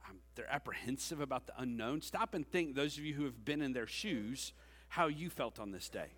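The long reverb of a church hall surrounds a youth pastor in his forties, whose voice is a little high with a sharp tone. Speaking in the sanctuary, he gives a conversational sermon and jokes with the congregation.

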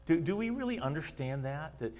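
Lively fifty-something man preaching. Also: on the high side, fairly quick. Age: 50s. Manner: animated storytelling, acts out quotes, laughs often. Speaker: lay preacher and schoolteacher. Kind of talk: sermon. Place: church sanctuary. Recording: long reverb of a church hall.

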